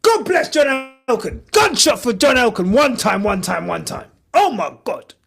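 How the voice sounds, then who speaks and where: A man hosting a podcast, giving excitable, shouty live reaction commentary and swearing a lot. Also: very high-pitched, normal speed, vocal fry. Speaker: podcast host.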